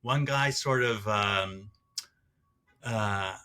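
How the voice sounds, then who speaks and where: Sharp-voiced man recounting thoughtfully. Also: on the low side, clear, resonant tone. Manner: halting, reflective, many fillers. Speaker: podcast guest. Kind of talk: casual interview talk.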